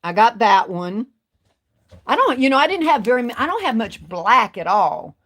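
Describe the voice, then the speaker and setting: A woman's voice: fairly high pitch, very animated, fairly bright tone. A woman, chatting casually with viewers on a craft livestream and drawing out her words. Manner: chatty, drawn-out, talks to viewers. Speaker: craft vlogger.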